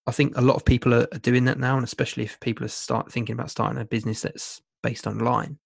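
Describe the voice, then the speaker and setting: A man's voice: mid-range voice, level tone, fast, gravelly, breathy edge, dry recording, studio quality. A man hosting a podcast interview, chatty and easygoing, laughing often and repeating words as he searches for them. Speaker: podcast host. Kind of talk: casual interview chat.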